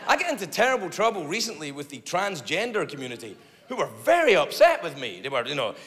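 A man doing a stand-up comedy set, rambling and animated, swearing freely and shouting his punchlines. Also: fairly high pitch, fast. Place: theater stage before a large audience. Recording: live theater hall with loud crowd. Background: audience laughter and applause.

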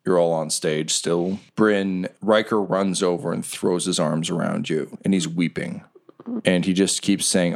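A man's voice: low-pitched, steady tone, unhurried, creaky. A man running a tabletop game as game master, narrating the scene vividly and dramatically.

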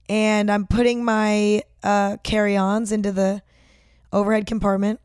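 A woman's voice: medium pitch, no room sound, clean studio sound. A young woman host telling a personal story in a chatty way, swearing freely and saying "like" often. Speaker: vlog host. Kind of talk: casual storytime.

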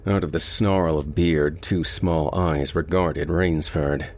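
A man reading a short story aloud in a steady, deliberate audiobook narration. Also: very deep voice.

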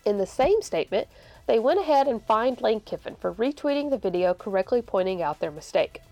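A woman's voice: fairly high pitch, expressive, a little fast, darkish tone, faint music behind. A woman reading a scripted sports report with a wry, sardonic delivery.

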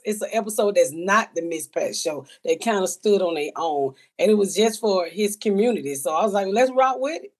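A woman's voice: fairly low pitch, brisk, few pauses. Blunt, profane woman comedian. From Atlanta. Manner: blunt, profane, animated storytelling. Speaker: guest comedian. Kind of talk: casual interview chat.

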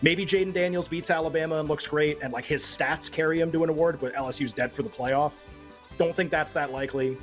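Fast-talking man breaking down bets. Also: a little high, fairly even intonation, faint music behind. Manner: quick, loose and conversational, lots of fillers. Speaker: sports betting analyst. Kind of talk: casual sports betting chat.

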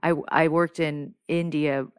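A woman guest on a podcast, chatting casually and telling a story with lots of "like" and quick asides. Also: low voice, smooth, no room sound, clean studio sound. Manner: animated storyteller, heavy use of "like". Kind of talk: casual chat.

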